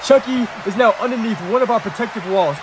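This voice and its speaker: A man doing excitable, shouting play-by-play as a toy wrestling commentator. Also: extremely high pitch, fast talker, background noise.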